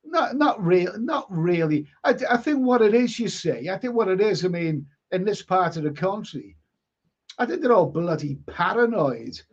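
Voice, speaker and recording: A man's voice: high-pitched, very animated, moderate pace, lo-fi sound. An older man with a Liverpool accent, hosting a live stream and chatting casually as he reads out viewer comments, rambling, repeating himself and swearing bluntly. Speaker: live stream host reading chat. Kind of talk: casual chat.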